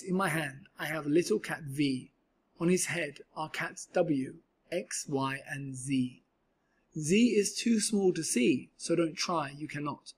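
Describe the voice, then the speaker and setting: A man's voice: fairly high pitch, a little mellow, husky. A man reading aloud and voicing a cheerful, boastful male cat in a tall hat, with a showy, exclaiming manner. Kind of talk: storybook read-aloud.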